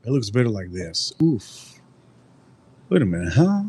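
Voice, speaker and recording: A man's voice: fairly low pitch, sing-song, unhurried, darkish tone, slightly rough. A man rambling through a casual live-stream food review, repeating himself and answering his chat. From United States.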